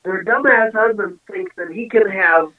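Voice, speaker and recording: A man's voice: sits high, normal speed, distant mic. Chatty man over a tinny, echoey line. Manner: chatty storyteller, laughs often, many "you know"s. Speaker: singer and guest. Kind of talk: casual interview chat.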